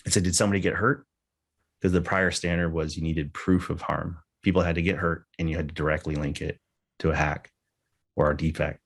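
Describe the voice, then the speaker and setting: A man's voice: extremely low pitch, level tone, brisk. A man telling a personal story in tribute at a memorial gathering, candid and conversational, with casual swearing. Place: live gathering with people present.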